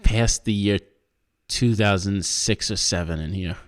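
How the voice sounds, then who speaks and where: A man's voice: lowish voice, measured pace. A man in his thirties hosting a podcast, rambling through a list of favorite films in casual chat, swearing and laughing often. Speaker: podcast host.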